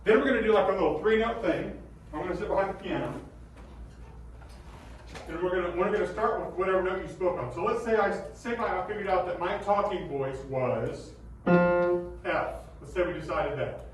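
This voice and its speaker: A man with a bass-baritone voice teaching a middle school choir class, animated and demonstrative, often checking that the students follow. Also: normal speed, faint music behind. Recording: echoey room, voice from far off.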